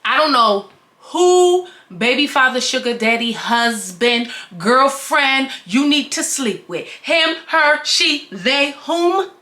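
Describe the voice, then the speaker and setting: A young woman reviewing a wig in an excited, sassy vlog, with dramatic swings and frequent swearing. Her voice is high, bright and very lively. The room sounds echoey. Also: slow pace. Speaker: beauty vlogger reviewing a wig.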